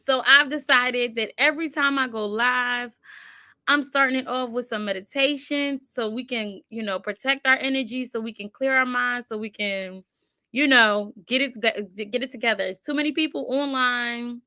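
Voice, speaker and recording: A woman's voice: on the high side, normal speed, pushed and bright, clear, resonant tone, dry recording, studio quality. A woman hosting a casual livestream on her computer, chatting and reciting affirmations with frequent laughs. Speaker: livestream host. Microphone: computer mic.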